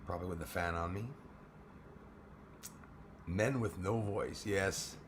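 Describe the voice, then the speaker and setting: Hoarse man speaking low and quietly. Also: slow, a little hiss or hum. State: hoarse, losing his voice. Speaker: live stream host. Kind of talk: casual live-stream chat greeting viewers.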